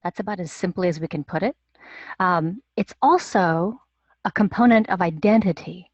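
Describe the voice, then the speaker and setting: A woman dialect coach answers webinar questions in a measured, explanatory manner, pausing on fillers as she thinks. The sound is dry and a little dull. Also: lowish voice, no echo.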